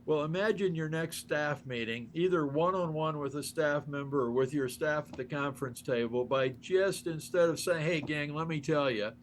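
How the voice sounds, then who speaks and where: An older man speaks as an interview guest, telling stories with plenty of energy and acting out the lines he quotes. His voice sits a little high for a man. Faint room noise hums quietly behind him. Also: moderate pace, few pauses. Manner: enthusiastic, acts out quoted dialogue, laughs often. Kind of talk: animated storytelling in conversation.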